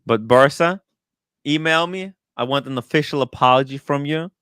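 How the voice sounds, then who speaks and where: A man hosting a casual watch livestream, talking in an excitable, animated way with quick asides to the chat. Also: on the high side, smooth, dry recording, clean studio sound. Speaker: livestream host. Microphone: studio microphone.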